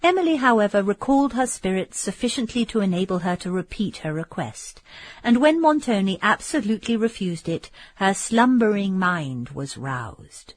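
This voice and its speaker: Breathy woman reading an audiobook. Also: medium pitch, lively intonation, moderate pace, no room sound. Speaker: audiobook reader. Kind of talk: audiobook narration of a Gothic novel.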